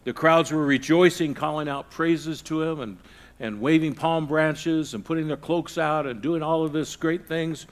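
Middle-aged guy preaching, big loud bits then goes quiet and low. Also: steady tone, normal speed. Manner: dramatic swings between loud emphasis and hushed low passages. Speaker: pastor. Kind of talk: sermon.

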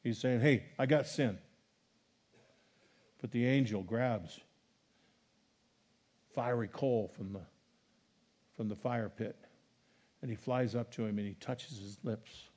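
Man preaching, mellow low tone, middle-aged, animated and emphatic. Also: slow, pauses often. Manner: animated preaching, rising loud on scripture quotes. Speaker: pastor. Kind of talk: sermon.

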